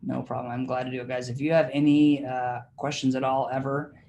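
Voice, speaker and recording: A man's voice: medium pitch, little pitch movement, a little fast, darkish tone, a little hiss or hum. A man leading a real estate training class in a casual, chatty way, with lots of fillers and laughs as he tells stories, heard over a video call. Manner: chatty and informal, many fillers, laughs while telling stories. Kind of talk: casual teaching of a training session.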